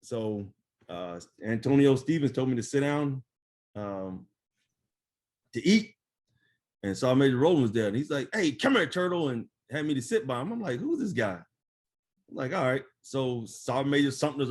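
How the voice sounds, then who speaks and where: A middle-aged man, a retired army first sergeant, telling stories in a casual interview, animated, laughing often and full of fillers. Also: mid-range voice, normal speed.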